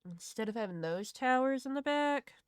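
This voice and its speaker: Smooth-voiced Southern woman streamer. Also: sits high, lively intonation, moderate pace, dry recording, studio quality. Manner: rambling, laughing, swears casually. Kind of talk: casual chat while drawing.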